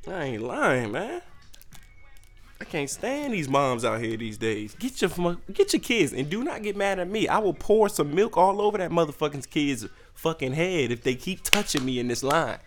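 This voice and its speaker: Man, young adult, podcast host, comedic rant, profane, somewhat high voice. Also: moderate pace, faint music behind. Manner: profane, animated ranting with sudden jumps in pitch.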